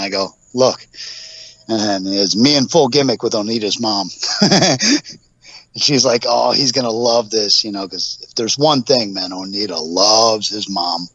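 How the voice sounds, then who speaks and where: A man's voice: lowish voice, fairly bright tone, no echo. A man telling road stories as a podcast guest, rambling through anecdotes full of fillers. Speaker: podcast guest, pro wrestler. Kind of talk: casual storytelling interview. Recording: dull lo-fi podcast audio.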